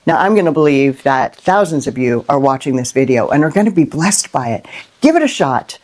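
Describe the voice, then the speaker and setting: A middle-aged woman hosting a Christian inspirational video, talking unscripted and from the heart, with lively rhetorical questions and frequent "right?". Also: very deep voice, fairly quick. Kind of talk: unscripted heartfelt monologue to camera.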